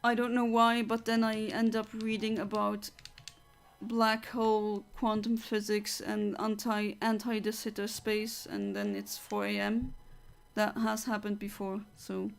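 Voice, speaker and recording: A woman's voice: medium pitch, a little slow, vocal fry, faint music behind. A woman from Luxembourg, chatting casually as a streamer and reading out viewer comments, reflective with frequent fillers and restarts.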